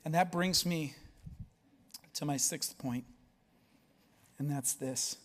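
A male pastor preaching an impassioned sermon, swinging between loud urging and hushed intensity. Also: a little high, takes it slowly. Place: church sanctuary. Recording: long reverb of a large hall.

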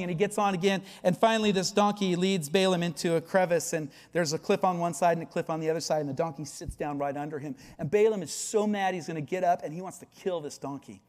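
A male pastor delivers a sermon with lively storytelling, acting out the voices of the people in the story. His voice sits high for a man. It rings out with a long reverb, as in a big church hall. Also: fast talker, hardly any pauses.

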